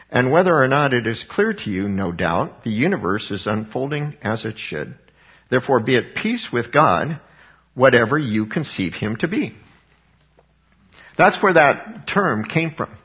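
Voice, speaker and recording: A middle-aged man preaching a sermon, talking fervently and conversationally with frequent restarts and a husky voice. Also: mid-range voice. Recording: dull lo-fi recording.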